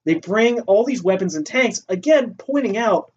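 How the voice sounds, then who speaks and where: A man co-hosting a casual movie discussion podcast, recapping scenes in a quick, chatty way. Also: high voice, expressive. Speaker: podcast co-host. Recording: distant, dull lo-fi recording with faint noise.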